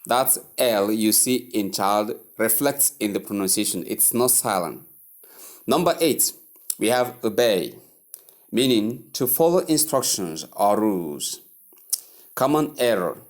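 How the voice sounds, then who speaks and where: A man teaching English pronunciation, repeating each word slowly and drilling it several times. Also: lowish voice. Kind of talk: pronunciation lesson.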